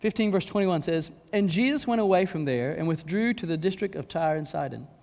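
A male pastor preaching a sermon, dramatic, acting out pleading voices and swinging between hushed and loud delivery. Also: fairly high pitch, lively intonation, fairly quick, gravelly. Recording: long hall reverb.

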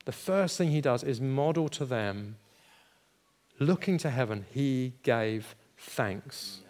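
A man's voice: mid-range voice, expressive, takes it slowly, darkish tone. Man preaching with playful storytelling. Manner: storytelling, acts out quoted dialogue, laughs at himself. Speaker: pastor. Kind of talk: sermon with personal stories.

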